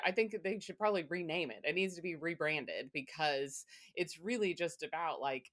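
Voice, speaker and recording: A woman's voice: on the low side, fairly bright tone. An older woman, a grandmother, co-hosting a podcast in casual chat, speaking emphatically and with strong opinions. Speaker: podcast co-host.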